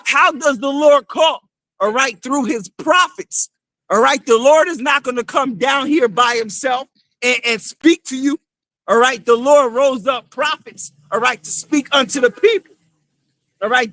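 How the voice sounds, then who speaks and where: A male street preacher giving a fiery sermon, shouting scripture lines and saying "all right" after nearly every phrase. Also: very high voice, a little slow, no room sound.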